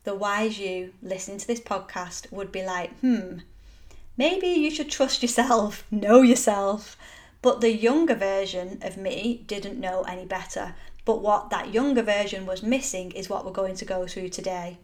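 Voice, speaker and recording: A woman's voice: mid-range voice, steady tone, moderate pace. Middle-aged woman, solo self-help podcast host, earnest and encouraging, punchy emphasis. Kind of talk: solo motivational podcast talk.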